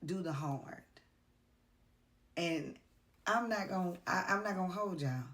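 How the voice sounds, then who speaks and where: A woman talks to her camera in a heartfelt, confessional vlog. Her voice sits low and unhurried, and she sounds tired and worn out, pausing often with fillers as she speaks earnestly. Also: a bit bright. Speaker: vlogger. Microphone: camera mic.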